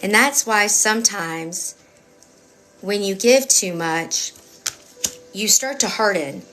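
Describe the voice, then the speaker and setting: A woman's voice: medium pitch, takes it slowly, fairly bright tone, soft background music. A woman giving a live-stream tarot reading in a chatty, emphatic, rambling way with many fillers. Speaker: tarot reader.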